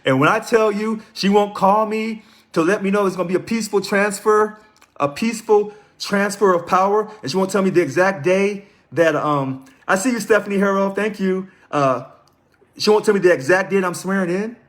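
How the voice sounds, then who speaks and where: A man's voice: high-pitched, moderate pace. A man hosting a casual live stream, reading aloud, commenting and greeting viewers by name. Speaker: livestream host.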